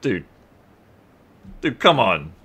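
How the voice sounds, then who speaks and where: An Australian man live-streaming a game, bantering with his viewers in a profane, sarcastic and animated way. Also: on the low side, drawn-out words, breathy edge.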